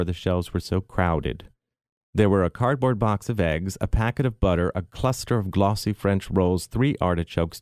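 A middle-aged man giving a measured, expressive literary reading. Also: sits low, clean tone, dry recording, clean studio sound. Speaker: reader.

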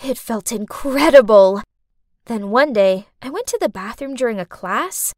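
High, lively woman storyteller. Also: unhurried, no echo, clean studio sound. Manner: expressive, sassy. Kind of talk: dramatic first-person story narration.

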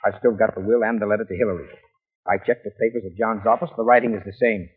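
1940s radio drama: a calm, probing lawyer, slightly low husky voice, phone-thin broadcast sound. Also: male voice. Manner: probing, measured. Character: shrewd calm male lawyer probing a suspect. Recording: tinny old radio broadcast.

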